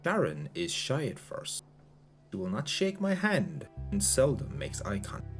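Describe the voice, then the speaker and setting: A man's voice: mid-range voice, huge pitch swings, a little slow, vocal fry, soft background music. A man reading a story aloud in a live stream, narrating steadily and describing gestures. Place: home streaming setup.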